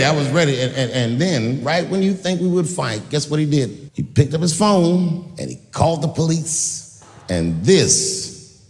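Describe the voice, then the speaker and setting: A middle-aged man performing a stand-up comedy set, telling stories and acting out voices in a large venue. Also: fairly high pitch. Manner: animated storytelling with acted-out voices. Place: large venue with a live audience. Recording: live hall recording with long reverb.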